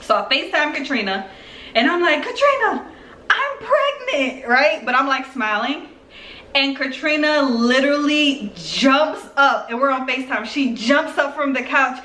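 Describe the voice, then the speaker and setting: A woman in her twenties from Philadelphia telling a personal story on her vlog in a chatty, animated way full of fillers. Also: high voice, normal speed, a little hiss or hum. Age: 20s. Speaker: YouTuber. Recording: roomy echo.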